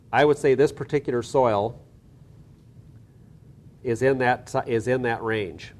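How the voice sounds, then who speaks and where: A man's voice: medium pitch, normal speed, a little mellow, a little hiss or hum. A man teaching soil science, talking methodically through a hands-on lab demonstration with small restarts.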